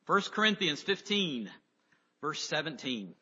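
A man's voice: on the high side, very animated, sharp tone, slightly rough. Man preaching in a reverberant hall. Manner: reads scripture slowly with emphasis, then explains in a conversational tone. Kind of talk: sermon. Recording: dull lo-fi audio with long hall reverb.

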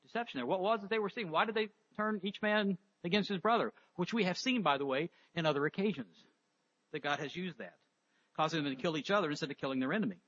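A man's voice: high-pitched, quick pace, a bit bright, lo-fi sound. A man preaching a sermon, reading scripture aloud and then explaining it with rhetorical questions.

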